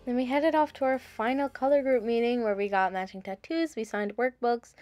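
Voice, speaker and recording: A woman's voice: fairly high pitch, brisk, darkish tone, soft background music. A young woman in her late teens narrating her vlog in a chatty, gushing way. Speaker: vlogger.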